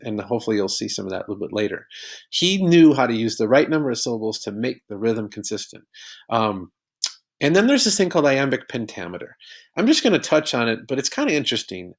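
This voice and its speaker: Gravelly-voiced man teaching a lesson. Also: mid-range voice. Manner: patient, explains step by step with examples. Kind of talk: recorded poetry lesson.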